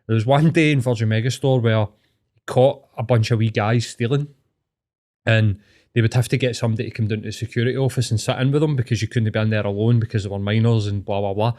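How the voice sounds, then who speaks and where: A man's voice: fairly low pitch, fairly even intonation, fast talker, a little mellow. Scottish man telling sweary anecdotes. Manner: sweary, rambling anecdotes, calls people mate. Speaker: podcast host. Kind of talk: casual chat.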